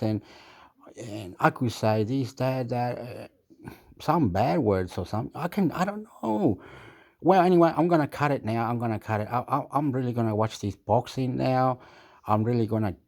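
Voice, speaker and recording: A man's voice: mid-range voice, a little mellow. A man rambling in a casual vlog monologue, repeating himself and jumping between thoughts. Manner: repetitive, rambling, erratic. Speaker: YouTube vlogger. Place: Australia.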